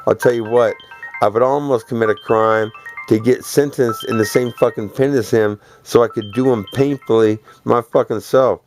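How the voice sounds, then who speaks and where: A man's voice: medium pitch, fairly even intonation, normal speed, faint music behind. A man delivering a rambling, profane, boastful monologue, laughing between phrases.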